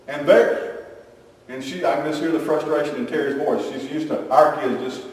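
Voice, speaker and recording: An older pastor preaches in a church sanctuary, telling folksy family stories and animatedly acting out the voices of the people in them. His voice is on the high side at normal speed, captured by a distant mic in an echoey hall with faint ambience.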